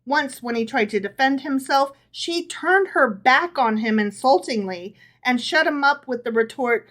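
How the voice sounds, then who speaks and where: A woman's voice: high voice, expressive, a little slow, fairly bright tone. A woman co-hosting a podcast, reading stories aloud and chatting, checking in often. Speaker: podcast co-host. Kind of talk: reading aloud and casual chat.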